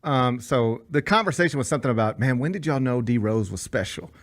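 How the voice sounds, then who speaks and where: Male radio host, casual storyteller, animated with quoted voices. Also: mid-range voice, a little fast. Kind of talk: casual sports radio chat.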